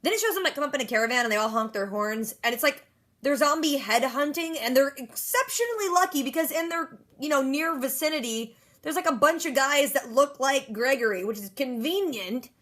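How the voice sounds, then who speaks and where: A woman recapping a TV episode in a rapid, chatty way, dropping sarcastic asides. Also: high voice, animated, fairly bright tone. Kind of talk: casual fast-paced episode recap.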